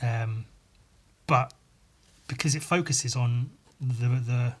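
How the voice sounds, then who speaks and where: Man, podcast host, casual solo monologue, rambling, hesitant, lots of ums, laid-back, mid-pitched voice. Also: slow. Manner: laid-back and self-deprecating.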